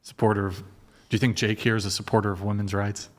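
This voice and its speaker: A man's voice: on the low side, flat delivery, fast, slight background noise. A man hosting a provocative panel chat, crude and joking, often restarting his sentences. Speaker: host.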